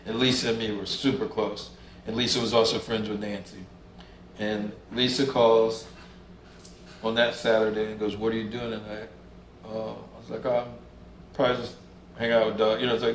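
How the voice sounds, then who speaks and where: A man's voice: lowish voice, steady tone, fairly quick, slight background noise. A man telling stories in a casual interview, laid back, swearing freely and acting out what people said. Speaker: interview guest, musician. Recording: roomy room sound, faint ambience.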